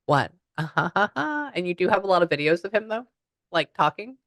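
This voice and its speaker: A woman spiritual medium chats her way through a reading, passing on messages as quoted asides and swinging between excited exclamations and hushed murmurs. Her voice is lowish at normal speed, with no room sound.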